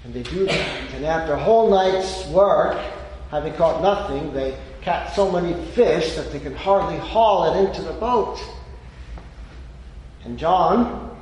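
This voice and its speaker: A man with a slightly high voice preaches a sermon in a big echoey hall with a long reverb tail. He tells stories and raises his voice when he quotes the people in them. Faint noise sits under the recording. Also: a little slow, darkish tone. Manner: storytelling, voicing quoted speakers with rising emphasis.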